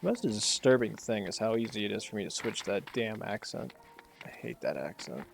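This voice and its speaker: A man's voice: lowish voice, expressive, brisk, creaky, soft background music. A man giving casual, sarcastic commentary while playing a game. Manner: sarcastic, offhand, laughing asides. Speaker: let's play gamer.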